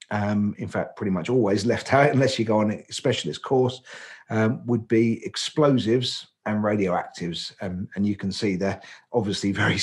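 A man co-hosting a podcast, explaining trade terms step by step in a relaxed, chatty way with frequent ums. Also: fairly low pitch. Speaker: podcast co-host, driver agency office manager. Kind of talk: casual explanatory chat.

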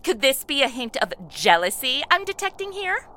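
An actress playing a flirty, teasing younger sister in an audio drama, suggestive and scheming. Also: female voice, high voice, big pitch swings, normal speed, very noisy.

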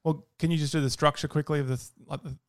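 A man's voice: fairly high pitch, fairly even intonation, rapid-fire, creaky, no echo. Dry-witted man teaching on a medical podcast. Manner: dry teasing, quizzes his co-host. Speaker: podcast co-host and doctor. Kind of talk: casual podcast chat, teaching segment.

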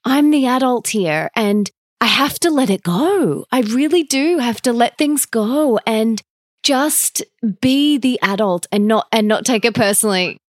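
A woman's voice: on the high side, animated, a little slow, no room sound, studio quality. A woman hosting a podcast, responding to her guest in an earnest, reflective way. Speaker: podcast host. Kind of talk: interview talk.

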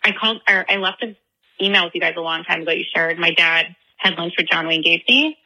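A woman's voice: on the low side, fairly quick, bright, forceful tone, rough recording. A young woman from the Chicago area leaving a rambling voicemail, telling a story with frequent giggles. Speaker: voicemail caller. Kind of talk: voicemail anecdote.

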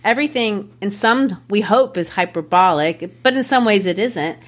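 Woman with a middle-pitch voice breaking down a play, analytical, amused. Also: animated, moderate pace. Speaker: podcast co-host discussing a play. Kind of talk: casual literary discussion.

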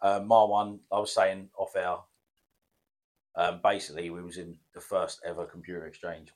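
A man's voice: sits low, normal speed. A man co-hosting a podcast, telling a story in casual banter, swearing and laughing. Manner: swearing, laughing, animated anecdotes. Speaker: podcast co-host.

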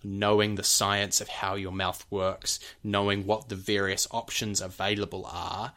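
A young adult man with a somewhat low voice co-hosts a relaxed podcast. He talks at length in an easy, rambling way, leaning on "like" and "you know" as he explains. He often stops to sound out examples. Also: unhurried. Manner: breaks off to demonstrate accent sounds. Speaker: podcast co-host, actor. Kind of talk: casual podcast chat.

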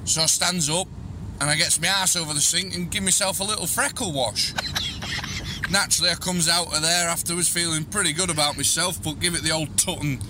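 A man's voice: a little high, a little fast. Crude rambling male caller, noisy line. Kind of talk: recorded voice message story.

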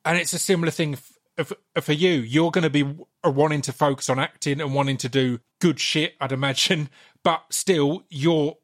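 A man's voice: fairly high pitch, fairly even intonation, moderate pace. Man hosting a casual interview. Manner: encouraging, asks rambling questions. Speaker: podcast host.

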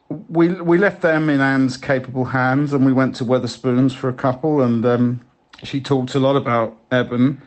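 A man leaving rambling, halting voicemail messages for a friend, with many restarts. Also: medium pitch, lightly acted. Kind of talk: improvised comedy voicemails.

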